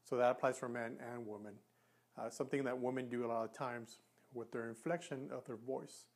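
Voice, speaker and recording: A man coaching An earnest man explains habits and how to fix them, talking straight to the camera in a plain, mid-pitched voice. He often breaks off and restarts his sentences as he demonstrates. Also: fairly even intonation, brisk. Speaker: communication coach. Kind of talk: instructional talk to camera.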